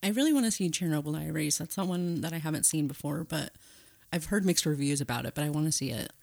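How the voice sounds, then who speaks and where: A woman's voice: deep voice, fast talker, creaky, darkish tone, dry recording. A woman co-hosting a podcast, chatting casually and agreeably and reading a film synopsis aloud. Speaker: podcast co-host.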